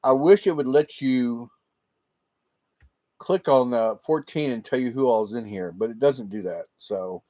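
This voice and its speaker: A man's voice: mid-range voice, measured pace, dark tone. Guy on a laptop mic, rambly live chat with viewers, laughs a lot. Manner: rambling, chatty, laughs often. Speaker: livestream host. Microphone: laptop microphone.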